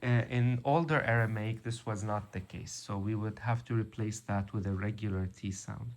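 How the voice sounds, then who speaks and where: A man teaching a vocabulary lesson, slow and methodical, repeating each word. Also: fairly low pitch, steady tone. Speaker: language teacher.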